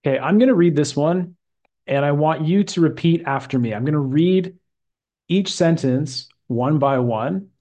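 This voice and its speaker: A man teaching English grammar, speaking slowly and deliberately and drawing out key words for a student. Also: fairly high pitch, warm tone, highs cut off.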